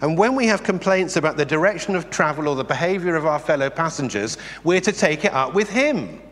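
A man preaching a sermon in a conversational, animated way, asking the congregation rhetorical questions. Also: fairly high pitch, brisk. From England. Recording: long reverb in a hall.

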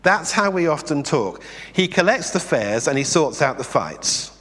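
A man preaching a sermon in a conversational, animated way, asking the congregation rhetorical questions. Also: on the high side, a little slow. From England. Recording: long reverb in a hall.

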